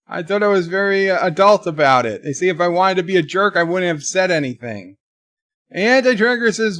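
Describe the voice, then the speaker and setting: A man's voice: high voice, expressive, moderate pace, sharp tone, no room sound, clean studio sound. A man hosting a livestream in casual chat, reading out donations and viewer comments with wry, rambling remarks. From United States.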